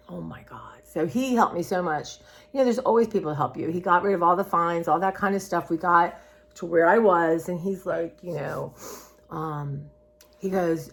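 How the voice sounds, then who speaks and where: A woman in her sixties with a slightly low voice talks casually to camera. She rambles from one thought to the next, loose and chatty, and calls her viewers y'all. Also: lively intonation, moderate pace. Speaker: vlogger.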